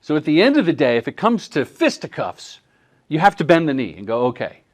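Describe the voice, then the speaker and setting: A man's voice: on the high side, a little fast. A middle-aged man presenting a workshop on commercial directing, answering audience questions and acting out dialogue. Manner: animated, acts out quoted dialogue in voices. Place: workshop room at a film festival.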